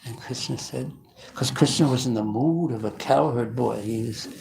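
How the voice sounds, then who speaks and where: A male preacher telling devotional stories in a lively sermon, often stopping and restarting his sentences. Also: mid-range voice, normal speed, creaky, slight background noise, poor audio. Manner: animated, with frequent restarts.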